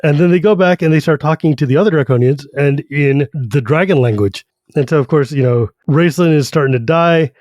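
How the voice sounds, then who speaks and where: A man's voice: a little high, no echo. A man co-hosting a podcast, animatedly retelling a fantasy novel in casual talk. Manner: animated, retells the story with quick character voices. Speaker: podcast co-host. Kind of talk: casual book discussion.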